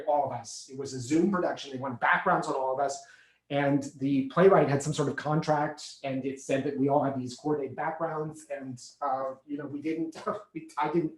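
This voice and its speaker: A man playing an anxious recovering alcoholic on the phone to his sponsor, halting and stammering as he repeats himself. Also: fairly high pitch, natural voice. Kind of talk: stage monologue acting. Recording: echoey room.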